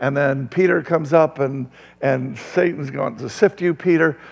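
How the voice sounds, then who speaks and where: A male pastor preaching a sermon in a church, lively, throwing questions to the crowd and chuckling often. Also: fairly high pitch, a little slow, creaky, in a large hall.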